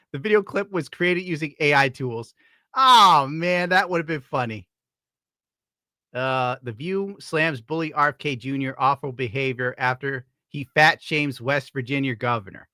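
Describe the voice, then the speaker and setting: A man's voice: a little high, a little slow, sharp tone, dry recording, studio quality. A man from upstate New York giving crude, sarcastic commentary while browsing, laughing often. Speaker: streamer host.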